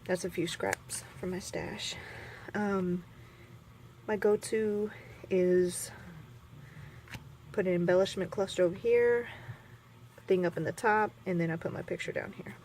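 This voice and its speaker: A woman's voice: fairly low pitch, steady tone, unhurried, pauses often, a little mellow, slight background noise. A woman chatting casually while scrapbooking at her craft table, rambling and poking fun at herself with lots of fillers. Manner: rambling, chatty, self-mocking, many fillers. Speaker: scrapbooking vlogger.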